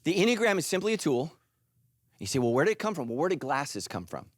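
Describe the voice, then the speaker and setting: A middle-aged male pastor preaching a sermon in an animated, joking way, acting out little voices. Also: fairly high pitch, fast, no echo, clean studio sound. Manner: animated, jokey, acts out voices.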